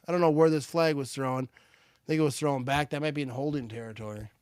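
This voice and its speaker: A man hosting a live game watch party, switching between excited play-by-play calls and relaxed chat. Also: mid-range voice, fairly quick, clear, resonant tone. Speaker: livestream watch party host.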